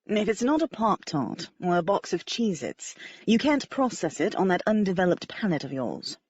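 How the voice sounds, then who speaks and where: A woman voicing a fussy, uppity man with a British accent who drawls and chides, his voice husky and silken. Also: mid-range voice, big pitch swings, moderate pace, darkish tone, no room sound, dull audio. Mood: chiding. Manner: drawling, haughty.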